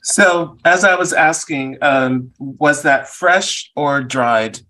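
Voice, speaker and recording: Careful, bright-voiced questioner. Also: mid-range voice, takes it slowly. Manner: careful, wants to be very clear. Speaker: participant asking questions. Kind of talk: asking questions in a group call. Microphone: video call.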